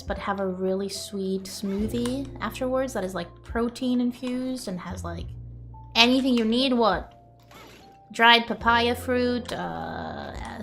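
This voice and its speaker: Chatty young woman streamer, light and higher voice. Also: fairly bright tone. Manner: chatty and self-mocking, quick to laugh. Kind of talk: casual chat with stream viewers.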